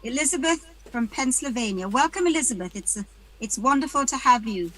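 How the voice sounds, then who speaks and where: A woman's voice: a little high, lively intonation, a little fast, pushed and bright, poor audio. A woman from the UK hosting an online panel, chatting casually and greeting attendees by name with light jokes over a video call. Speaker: webinar host.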